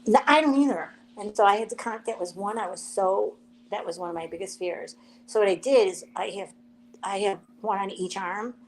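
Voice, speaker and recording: Woman guest on a live chat, animated storyteller who does the voices in her quotes. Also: mid-range voice, fairly quick, slight background noise, rough recording. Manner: animated storyteller, acts out quotes, laughs often.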